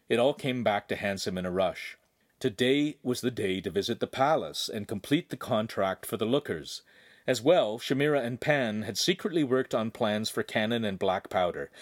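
A man narrating a novel with an animated, expressive delivery. The recording is dry and close, with no room sound. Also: mid-range voice, dry recording. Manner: expressive storytelling. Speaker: audiobook narrator. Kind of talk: scripted narration.

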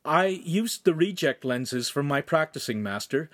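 A man's voice: fairly high pitch, expressive, unhurried, fairly bright tone, no room sound, clean studio sound, pitched above the performer's own voice. A man reading an audiobook, voicing an earnest, careful teenage apprentice. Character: clever earnest teen apprentice.

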